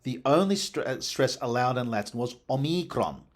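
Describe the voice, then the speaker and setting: A man giving an explanatory lecture on word pronunciation in a scholarly, animated way. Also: medium pitch, fairly quick. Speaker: lecturer on language history.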